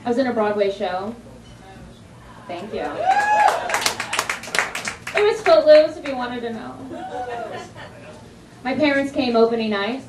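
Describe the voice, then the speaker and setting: A woman from New Jersey doing a stand-up comedy set, telling animated stories with sudden high-pitched punchlines. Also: measured pace, pauses often, recorded from a distance. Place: comedy club stage. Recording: echoey club recording from afar, with crowd laughter.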